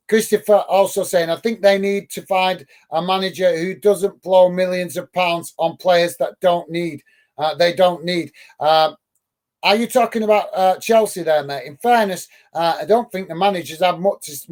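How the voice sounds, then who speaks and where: Guy doing a football watch-along stream, high voice, lots of uh and um, calls everyone mate. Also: a little mellow. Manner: friendly, many "uh" fillers, calls viewers "mate". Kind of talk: live match commentary and chat reading.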